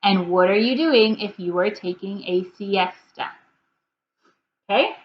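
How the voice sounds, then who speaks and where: A woman teaching a reading lesson to young children at home, prompting slowly and clearly and pausing for answers. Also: medium pitch, muffled recording, a little hiss or hum. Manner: slow, clear, patient prompting with pauses for answers.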